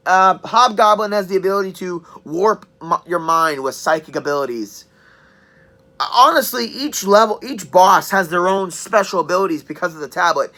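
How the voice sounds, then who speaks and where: A young woman in her twenties reviews a game in a loose, chatty way, full of joking asides and quick throat-clears. Her tone is bright and forceful at a middling pitch. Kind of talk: casual spoken review.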